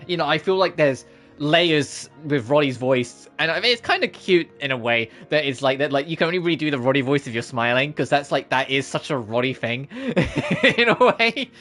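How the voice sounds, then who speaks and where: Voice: mid-range voice, bright, forceful tone. A streamer chatting casually during a game playthrough, rambling and filling sentences with "like". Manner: rambling, full of "like". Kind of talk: casual let's-play commentary.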